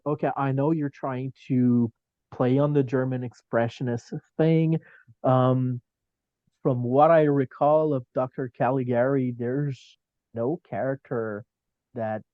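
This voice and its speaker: A man chatting as a guest on a podcast, hedging and pausing often with ums. He talks slowly, in a mid-pitched voice, close and dry. The sound is a bit dull and lo-fi. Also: dry recording. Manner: hesitant, full of hedges and filler ums. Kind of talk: casual podcast chat.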